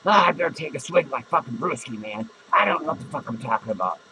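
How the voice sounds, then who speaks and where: A man's voice: on the high side, animated, fast, pushed and bright, a little hiss or hum, rough recording. A man playing a drunken, foul-mouthed, hot-tempered male clown who slurs, rambles and swears. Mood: drunken rambling. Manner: slurring, rambling, swearing constantly. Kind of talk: improvised character comedy monologue.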